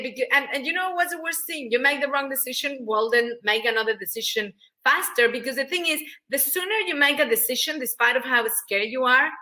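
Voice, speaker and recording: Bright Mexican-accented woman, emphatic. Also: on the high side. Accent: Mexican Spanish. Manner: energetic, emphatic, acts out quoted voices. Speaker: guest. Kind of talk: animated interview talk.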